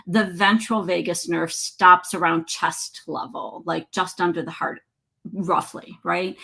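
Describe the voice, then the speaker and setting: Woman counselor explaining calmly. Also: on the low side, gravelly. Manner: measured, teacherly, asks rhetorical questions. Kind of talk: explaining to a host in conversation.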